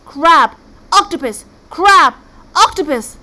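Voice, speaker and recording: A woman's voice: very high-pitched, slow, pitched above the performer's own voice, exaggerated voice. A woman voicing an eager young Viking boy who squeals and exclaims dramatically. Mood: shouting. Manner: squealing, over-excited.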